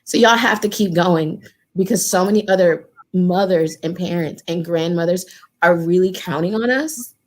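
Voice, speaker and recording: A woman's voice: lowish voice, normal speed. A woman who organizes in her community and once ran for office, speaking earnestly to a panel. She repeats phrases for emphasis and talks to the group in a casual, direct way. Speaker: community organizer and former political candidate. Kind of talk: heartfelt panel remarks.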